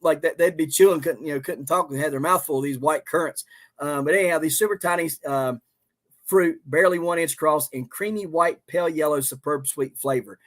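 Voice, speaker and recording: A man's voice: on the high side, a little fast, a bit bright. A man with a Southern accent hosting a homestead livestream, chatting casually in a rambling, folksy way with plenty of ums and uhs. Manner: rambling, folksy, many fillers.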